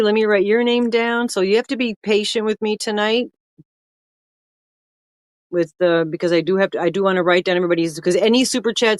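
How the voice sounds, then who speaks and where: A woman's voice: medium pitch, no room sound. Older woman, livestream host, rambling and friendly-chatty, dry close sound. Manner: chatty, greets viewers by name, rambling. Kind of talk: casual livestream chat.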